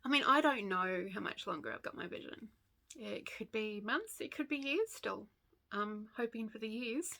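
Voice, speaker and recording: Kiwi woman in her fifties, a stitching vlogger, fairly high voice, rambling and laughing as she chats. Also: animated, normal speed, vocal fry, pushed and bright. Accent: New Zealand. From New Zealand. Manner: rambling and chatty, laughs often, goes off on tangents. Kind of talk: casual chat to camera.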